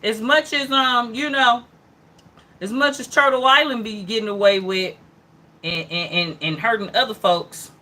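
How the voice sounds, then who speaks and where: A woman with a fairly high, sharp-toned voice speaks a little slowly while hosting an online news hour. She reads out headlines and responds chattily, peppering it with mm-hmms and remarks to her audience, addressing viewers by name in this laid-back livestream.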